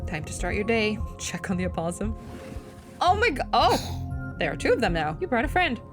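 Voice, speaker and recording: Woman streamer, middle pitch, reads game text and riffs crudely; soft music under her. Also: sing-song, quick pace. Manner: playful, crude, bursts into squeals and laughs. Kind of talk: reading a visual novel aloud with reactions.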